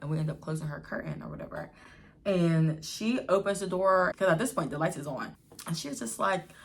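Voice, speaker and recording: A young woman vlogger telling a casual storytime in an animated, slangy way, acting out what people said. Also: on the low side, brisk, gravelly.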